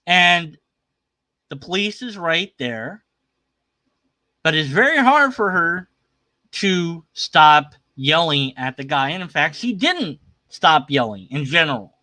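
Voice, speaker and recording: A man's voice: a little high, very animated, a little slow, sharp tone, dry recording. A man hosting a livestream, giving casual, skeptical commentary on a video in a rambling, argumentative way. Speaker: livestream host reacting to a video.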